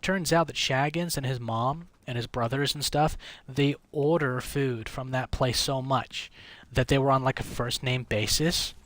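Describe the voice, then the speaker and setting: A man's voice: medium pitch, fairly bright tone. A man livestreaming a game late at night, telling a long rambling story in casual chat, swearing freely. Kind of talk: casual chat while gaming.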